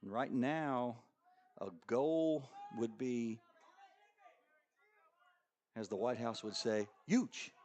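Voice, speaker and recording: A middle-aged man calls a local soccer match in a relaxed, joking way, his voice sitting in a middle register. Now and then he jumps into loud, high-pitched calls. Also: drawn-out words, pauses often. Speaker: play-by-play commentator. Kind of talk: local sports commentary.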